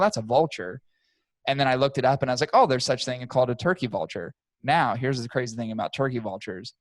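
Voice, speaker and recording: A young man chats on a podcast and swears freely while he tells an animated story. His voice sits at an ordinary pitch and sounds close and dry, with no room around it. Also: dry recording. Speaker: podcast co-host. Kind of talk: casual chat.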